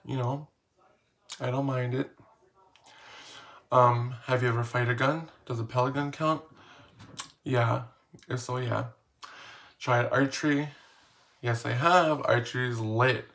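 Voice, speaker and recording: A man's voice: medium pitch, steady tone, measured pace, creaky, long pauses, a bit bright. A man casually reading questions aloud and answering them in a playful, slangy, self-mocking vlog. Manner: reads each question aloud, then answers. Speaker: vlogger.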